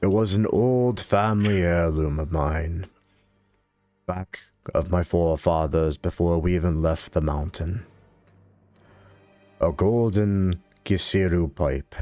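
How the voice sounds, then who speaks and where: A man doing a gruff Scottish dwarf lord. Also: deep voice, slow pace, a little mellow, faint music behind. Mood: solemn. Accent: put-on Scottish. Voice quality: gruff, swearing, blunt. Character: gruff dwarven lord, male, middle-aged, blunt. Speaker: dungeon master. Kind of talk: tabletop role-play voice acting.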